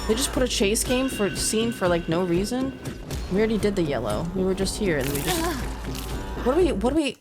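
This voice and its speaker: Brief: young female let's-player, exasperated and animated, game music under her voice. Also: medium pitch, brisk. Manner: exasperated, sarcastic, talks to chat. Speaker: gaming streamer. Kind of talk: let's-play commentary.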